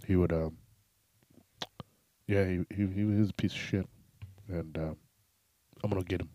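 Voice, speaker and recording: A man playing a deep-voiced, dim, rambling complainer. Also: steady tone, mellow, no room sound. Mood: aggrieved. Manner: mumbling, rambling, halting with many uh's. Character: slow-witted man whom Batman punched. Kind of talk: comedy sketch.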